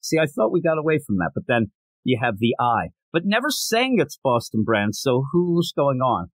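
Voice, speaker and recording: A man's voice: mid-range voice, big pitch swings, normal speed, no room sound. A man hosting a comic book show, giving casual, jokey commentary full of digressions and chatty asides. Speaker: comic book reviewer and podcast host.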